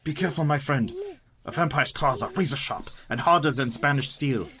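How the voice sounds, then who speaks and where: An actor playing a resolute, scholarly vampire hunter in a radio play, with a husky, authoritative voice. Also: male voice, medium pitch, fairly quick, crowd noise, lightly acted. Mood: commanding.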